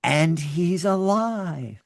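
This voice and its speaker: A man telling stories as a podcast guest, animated, often restarting and repeating words. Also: a little high, extremely slow, vocal fry, no echo, studio quality. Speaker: podcast guest, children's podcast creator. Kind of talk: storytelling in an interview.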